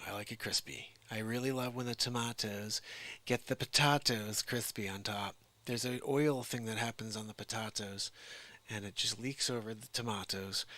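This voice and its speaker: A man's voice: on the low side, pushed and bright. A man rambling in a jokey, drifting monologue as a vlogger.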